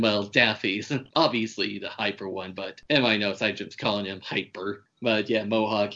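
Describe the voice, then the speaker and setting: A man's voice: on the low side, bright, forceful tone, dull audio. Man casually recapping a movie plot. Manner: rambling plot retelling with swearing and fillers. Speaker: podcast host.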